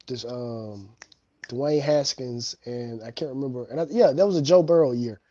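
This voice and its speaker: Calm guy on a football show, mellow voice, kinda dull lo-fi sound, dry. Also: medium pitch, dry recording. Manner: measured, analytical, pauses to recall names. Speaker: show co-host. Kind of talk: sports debate.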